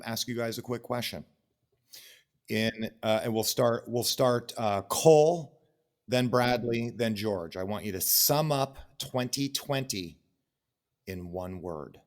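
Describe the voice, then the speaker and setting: A man hosting a casual podcast, asking playful questions and teasing his co-hosts. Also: on the low side. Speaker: podcast host.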